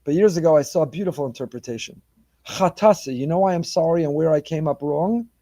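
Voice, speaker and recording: A man, a rabbi, giving an animated sermon, weaving Hebrew phrases into his talk. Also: fairly high pitch, quick pace, dry recording.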